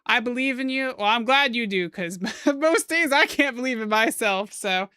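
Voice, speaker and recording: A woman's voice: a little high, moderate pace, few pauses, bright, forceful tone, clean tone, no echo, studio quality. A playful young woman chatting casually and joking while she draws on stream. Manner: playful, goofy wordplay and silly put-on phrases. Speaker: streamer drawing live. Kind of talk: casual chat while drawing.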